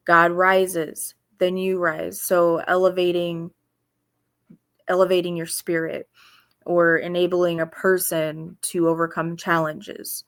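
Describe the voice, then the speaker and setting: A woman giving informal devotional teaching in an earnest, halting way, with pauses and restarts. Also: fairly low pitch, level tone. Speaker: faith video host.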